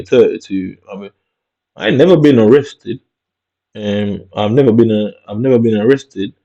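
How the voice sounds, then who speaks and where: A vlogger from Jamaica mutters to himself, swearing and slipping into slang as he casually reacts to his screen in a Jamaican accent. His voice sits on the low side, gravelly with a dark tone, and the recording is dull and lo-fi.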